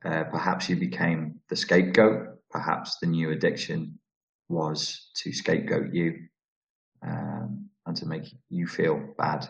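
With a bass voice that's gravelly and a little slow, a Scouse-accented Liverpool man answers viewer questions on a live Q&A stream. He rambles, restarts, and speaks bluntly and profanely, and the sound is roomy, dull, and lo-fi.

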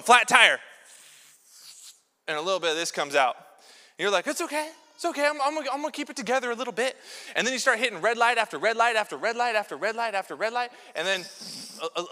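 A man preaching a sermon as pastor in a church, telling lively jokey stories with props. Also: extremely high pitch. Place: large church sanctuary. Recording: long church hall reverb.

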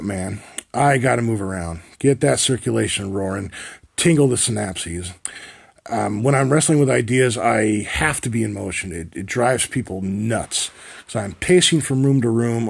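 Gravelly man in his forties, wry monologue. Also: medium pitch. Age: 40s. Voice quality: wry, profane, rambling. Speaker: podcast host. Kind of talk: comic monologue storytelling.

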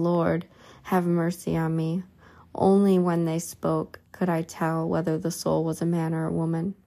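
A woman reading a religious book aloud slowly, with occasional stumbles and restarts. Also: sits low, creaky, dark tone. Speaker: reader.

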